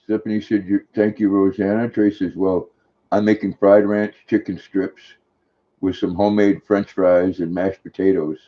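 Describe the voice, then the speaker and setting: A man's voice: sits low, little pitch movement, normal speed, lo-fi sound. An older man hosting a casual live stream, chatting affectionately and talking sweetly to his dog.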